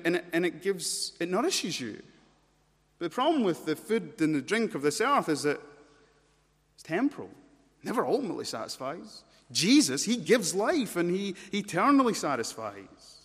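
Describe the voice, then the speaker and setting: A man preaching a sermon, emphatic, swinging between loud urgency and low intensity and repeating words as he builds a point. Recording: long church-hall reverb.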